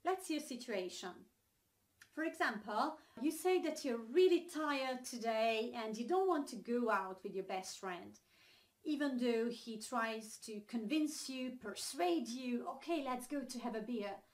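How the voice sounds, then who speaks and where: A woman's voice: fairly high pitch, lively intonation, a little slow. Hungarian-accented woman teaching English phrases. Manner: chatty, explains with examples, frequent ums and uhs. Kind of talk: online English lesson.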